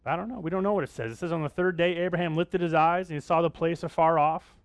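A man's voice: a little high, quick pace, dry recording, studio quality. Man preaching with constant questions. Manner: conversational, asking the congregation questions. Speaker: pastor. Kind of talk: sermon.

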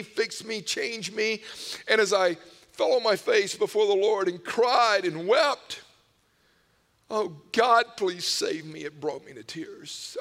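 A man preaching a sermon, telling personal stories with emotional swings from hushed whispers to loud cries. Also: sits high. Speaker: pastor. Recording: long hall reverb.

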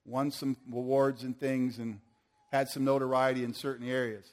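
A man's voice: mid-range voice, level tone, normal speed, darkish tone. An older man preaching a sermon to a church audience, earnest and asking the room questions.

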